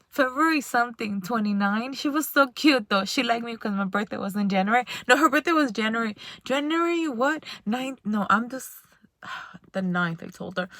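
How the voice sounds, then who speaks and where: High, bright-voiced woman rambling a story. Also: dry recording. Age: adult. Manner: rambling and animated, often laughing. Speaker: spiritual vlogger. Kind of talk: casual storytelling monologue.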